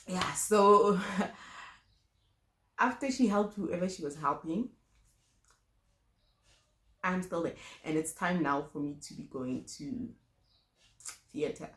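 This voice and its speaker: South African woman with a low-pitched voice. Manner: candid and emotional, often trailing off and restarting. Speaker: vlogger. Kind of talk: personal storytime vlog. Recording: echoey room.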